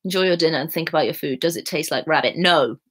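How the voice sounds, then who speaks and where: A woman's voice: deep voice, fast talker, slightly rough. A young woman chatting casually on a live stream, reading out viewer comments with a giggly, sing-song manner. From England. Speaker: YouTuber reading live chat.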